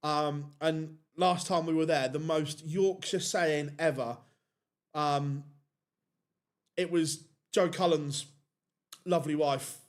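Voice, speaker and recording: A man's voice: on the high side, fairly even intonation, slow pace, pauses often. A man giving casual live commentary on a darts tournament, chatting and answering viewer questions.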